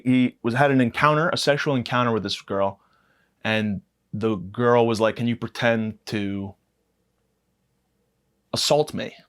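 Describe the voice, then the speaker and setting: A man in his twenties hosting a podcast, delivering a rambling, crude comedic monologue with a self-mocking deadpan. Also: medium pitch. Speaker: podcast host.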